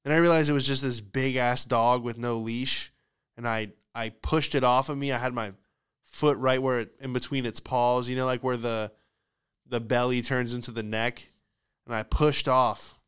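A man hosting a podcast who tells a comedic story in a profane, exasperated, animated ranting style. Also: mid-range voice, normal speed, clean tone. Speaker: podcast host.

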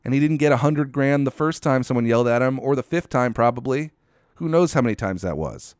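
A man rants alone in a profane, sardonic, incredulous tone. His voice sits at a mid pitch and sounds dry and close. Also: expressive, a little fast, darkish tone, clear, resonant tone, no room sound. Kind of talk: solo commentary rant.

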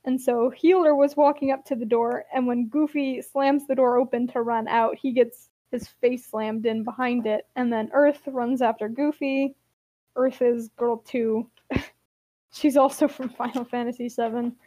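High-voiced young woman, wry comic recap. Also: steady tone, a little slow, warm tone, no room sound. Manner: wry, chatty, laughs often.

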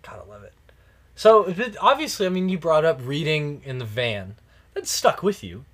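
A man's voice: fairly high pitch, very animated, normal speed, a bit bright. A man hosting a podcast, chatting casually and teasing his guest with sarcastic banter. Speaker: podcast host. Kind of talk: casual chat.

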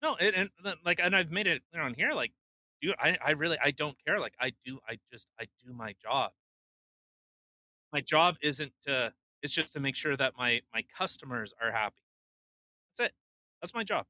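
A man's voice: on the high side, animated, moderate pace, pushed and bright. A man co-hosting a casual podcast, ranting bluntly and with profanity, mocking others in put-on voices. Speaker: podcast co-host; truck driver.

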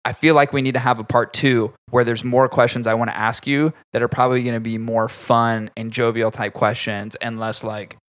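A man's voice: medium pitch, flat delivery, moderate pace, few pauses, a bit bright. A man hosting a podcast from his home basement, chatting casually, laughing often and swearing now and then. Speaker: podcast host. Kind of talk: casual chat.

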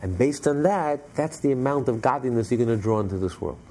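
A man with a gravelly, dark voice teaching a religious class. He tells his story with animation and stops often to restart his sentences. Faint noise sits under the recording. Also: mid-range voice, animated, fairly quick.

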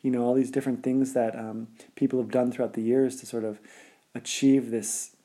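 Laid-back man with a mellow voice. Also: mid-range voice, level tone, normal speed. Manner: rambling, laid-back, heavy use of filler words. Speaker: storyteller. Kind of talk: casual personal storytelling.

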